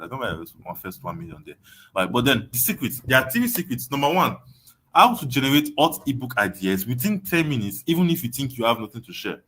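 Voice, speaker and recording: Nigerian man, online course tutor, emphatic and repetitive, sharp husky tone. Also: mid-range voice. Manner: emphatic, repeats phrases, asks "you understand?". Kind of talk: webinar teaching.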